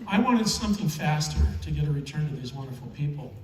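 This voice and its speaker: A man's voice: fairly high pitch, expressive, quick pace, distant mic, slight background noise. Chuckling man telling stories in a hall. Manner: chatty, chuckling, emotional storyteller. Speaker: keynote speaker. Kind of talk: storytelling speech on stage. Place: large event hall. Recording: echoey hall, mic heard from afar.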